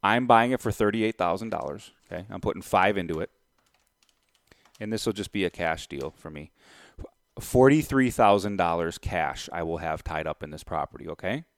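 A real estate investor with a deep voice talks at a normal pace in a dry recording. He relates a story casually to camera with animation, voicing both sides of a deal and calculating out loud as he goes.

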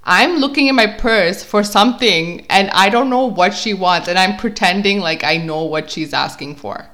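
A young woman vlogger telling a casual story, chatty and animated, filling her talk with "like" and acting out what people said. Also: medium pitch, normal speed. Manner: chatty, filler-heavy with constant "like"; animated, acts out quotes.

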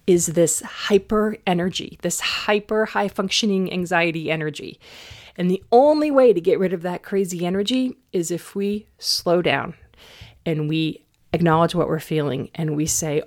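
A woman's voice: mid-range voice, expressive, normal speed, a little mellow. A middle-aged woman hosting her own podcast as an anxiety coach, talking candidly and conversationally about her own stress. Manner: candid, conversational, self-reflective. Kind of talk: casual podcast monologue.

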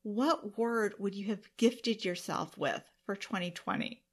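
A woman's voice: medium pitch, a little slow. A woman hosting her own podcast alone, talking earnestly and emotionally to her listeners. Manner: emotional, earnest, tearful at times. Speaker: podcast host. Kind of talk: solo podcast monologue.

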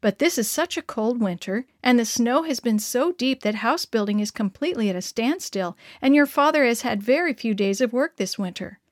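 A tender, worried mother of six from a children's storybook, read aloud by a woman. She speaks softly and reassuringly, her fairly high voice sitting dry and close to the mic. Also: lively intonation, moderate pace, few pauses, no echo, natural voice. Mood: gentle.

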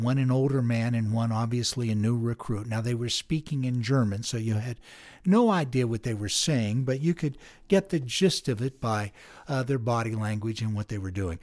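A middle-aged man hosting a meditation podcast, telling a story in a measured, thoughtful way. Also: mid-range voice, darkish tone. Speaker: podcast host. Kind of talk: reflective spoken meditation.

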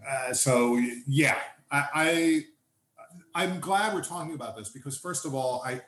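Animated man in an echoey room. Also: a little high, measured pace. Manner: animated, acts out quoted people. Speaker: podcast host, lawyer and agent. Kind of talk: casual interview chat. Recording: echoey room with faint ambience.

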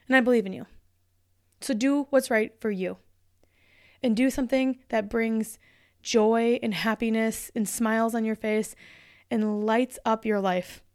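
A woman's voice: on the high side, no echo, clean studio sound. A woman in her thirties hosting a solo podcast, talking in a chatty, upbeat and encouraging way. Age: 30s. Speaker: podcast host and motivational speaker.

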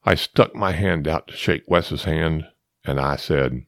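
A man's voice: a bass voice, measured pace, creaky, dry recording, studio quality. A middle-aged man hosting a storytelling podcast, rambling through digressions and addressing listeners as folks. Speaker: podcast host.

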